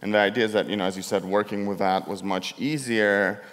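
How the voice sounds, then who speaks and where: A man's voice: on the low side, steady tone, brisk, a bit bright. A man, a documentary filmmaker, explaining his work on a conference panel in loose, restarting sentences. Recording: long hall reverb.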